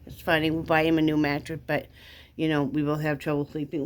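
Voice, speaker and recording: Low-voiced chatty woman vlogger. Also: little pitch movement, brisk. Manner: rambling, chatty, talks baby-talk to her dog. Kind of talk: casual chat to camera.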